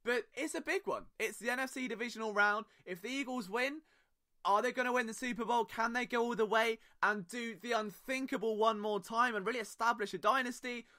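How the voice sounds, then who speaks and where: A man's voice: extremely high pitch, brisk, sharp tone. A young British man hosting a podcast alone, talking casually with sarcastic, self-mocking asides. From Britain. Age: young adult. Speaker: podcast host. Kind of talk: casual solo podcast monologue.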